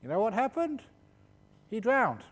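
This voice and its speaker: A man, a meditation teacher, answering questions at a retreat in a jokey, animated storytelling manner. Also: high voice, measured pace. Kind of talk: retreat Q&A talk. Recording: reverberant hall.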